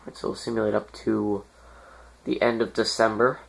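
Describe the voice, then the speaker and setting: A man's voice: lowish voice, level tone, brisk, vocal fry. A man giving casual, rambling commentary over a hockey management game, with lots of fillers and sudden exasperated outbursts. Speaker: gaming YouTuber.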